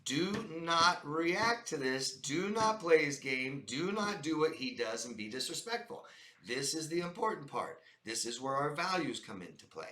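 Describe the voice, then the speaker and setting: A man's voice: a little high, sing-song, moderate pace, pushed and bright, reverberant. A man giving life-coaching advice to viewers, speaking emphatically and repeating his points. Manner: emphatic and repetitive, addresses viewers as "guys". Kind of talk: direct-to-camera advice monologue.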